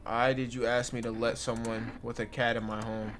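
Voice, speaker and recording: A man's voice: mid-range voice, flat delivery, moderate pace, hardly any pauses, fairly bright tone, a little hiss or hum. A young man talks through a horror game in a loose, slangy way. He banters with his viewers as he plays. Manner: casual slangy banter addressing chat. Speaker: gaming streamer. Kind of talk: casual let's-play commentary.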